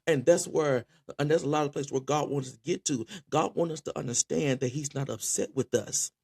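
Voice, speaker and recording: Impassioned preacher man, fairly high voice. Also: creaky, darkish tone, husky. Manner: impassioned, repeats words in quick restarts. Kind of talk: spoken sermon.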